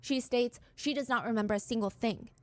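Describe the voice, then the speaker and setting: A woman narrating a true-crime story in a brisk podcast style, quoting text messages as she goes. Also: a little high, dry recording.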